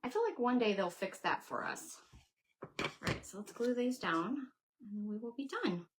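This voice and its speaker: A woman's voice: on the high side, animated, moderate pace, slight background noise. A woman hosting a casual crafting livestream, chatting away and thinking aloud as she works and answers her viewers. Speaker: craft channel host.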